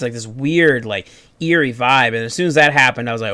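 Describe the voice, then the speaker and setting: A man hosting a podcast in casual review chat, excitable and profane, acting out his own reactions. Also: medium pitch, a little fast, clean tone, no echo. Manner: excitable, profane, animated retellings. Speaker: podcast host.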